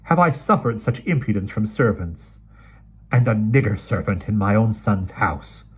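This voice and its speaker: Male reader as a haughty bossy old lady in a read-aloud story, husky. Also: fairly low pitch, animated, moderate pace. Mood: indignant. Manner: indignant, imperious.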